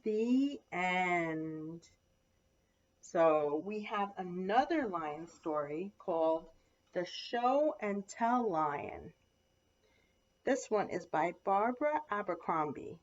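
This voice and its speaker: Expressive woman reading storytime aloud. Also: on the low side, slow pace. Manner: expressive, asks the children questions. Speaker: children's librarian. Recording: lo-fi dull sound.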